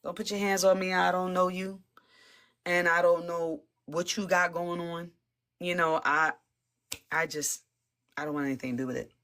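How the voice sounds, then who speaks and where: A woman guest telling a personal faith testimony in a casual, animated way, often laughing and repeating words as she talks. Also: fairly low pitch, moderate pace, pauses often. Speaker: interview guest giving testimony.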